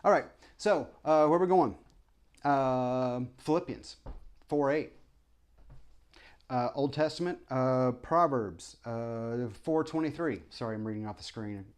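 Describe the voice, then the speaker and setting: With a smooth, darkish, mid-range voice and an unhurried delivery, an ex-preacher vlogger offers a rambling opinion monologue to camera. He keeps stumbling into restarts and apologies and poses passionate rhetorical questions.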